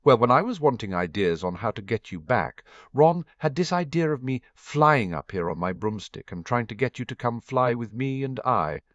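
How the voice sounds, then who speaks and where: A man's voice: medium pitch, animated, normal speed, few pauses, no echo, pitched above the performer's own voice, lightly acted. A man voicing a sincere, apologetic teenage boy in a fan-fiction audiobook. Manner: sincere, earnest. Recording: dull, muffled dry recording.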